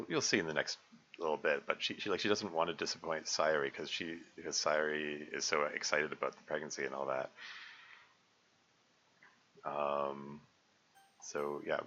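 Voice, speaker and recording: A man's voice: very deep voice, sharp tone. A man giving casual live commentary as a game developer, rambling and hesitant. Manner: rambling, hesitant, many fillers. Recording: dull lo-fi recording with faint music.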